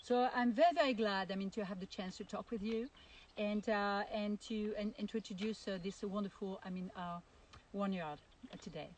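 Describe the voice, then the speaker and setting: A woman with a French accent giving a casual video tour of her vineyard, speaking haltingly with many fillers and restarts. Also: medium pitch, darkish tone, slight background noise. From France. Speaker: winemaker. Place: outdoors at a vineyard.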